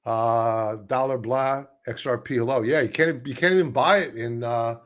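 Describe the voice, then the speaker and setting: A man's voice: medium pitch, normal speed, fairly bright tone. A man hosting a live stock-chart stream, talking in a chatty, sarcastic way with many asides. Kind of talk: casual live-stream commentary.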